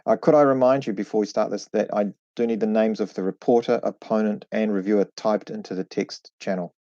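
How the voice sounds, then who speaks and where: Male session chair, low dry voice, formal, on a video call. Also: steady tone, a little fast, mellow, dry recording. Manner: formal and procedural. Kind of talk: chairing an online science tournament. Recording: dull lo-fi call audio.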